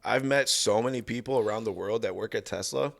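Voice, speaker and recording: A man from Ohio is a guest on a casual podcast and talks in an easygoing, agreeable manner. His voice is low and gravelly, with a fry running through it. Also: a little fast, a bit bright. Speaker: podcast guest, Tesla maintenance worker. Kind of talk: casual chat.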